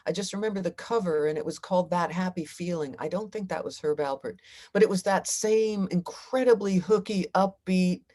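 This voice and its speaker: A woman's voice: fairly low pitch, moderate pace, dark tone. A middle-aged woman, a singer-songwriter, talking reflectively in a casual interview.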